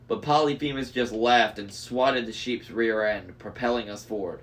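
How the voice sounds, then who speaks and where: A man's voice: fairly low pitch, normal speed, hardly any pauses. A man reading a novel aloud, who drops in casual asides and restarts lines after slips. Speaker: reader.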